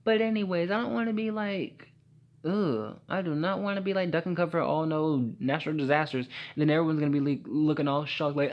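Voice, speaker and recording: A sassy teenage boy hosts a late-night solo podcast, rambling with caffeine jitters. He fills his talk with "like" and "honey" and trips over his words. Now and then he leaps up into high, squealing mock-outrage. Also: brisk.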